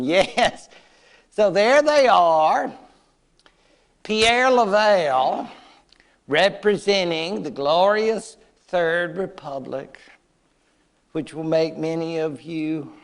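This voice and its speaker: A man's voice: high voice, lively intonation, very slow, pauses often. A man giving a history lecture to adult learners, chatty and wry with playful asides.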